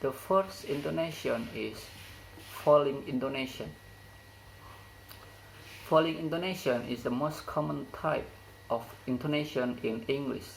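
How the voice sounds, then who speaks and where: A man's voice: mid-range voice, a little slow, gravelly, pauses often, slight background noise, rough recording. A young man giving a student lecture on intonation for a class assignment, speaking carefully and acting out the example phrases with exaggerated intonation. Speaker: student presenter.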